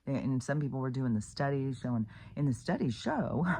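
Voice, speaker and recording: A woman's voice: a bass voice, animated, fairly quick, mellow, slight background noise. A woman vlogging in a rambling, profane, casual rant, full of fillers and restarts, exclaiming in disbelief.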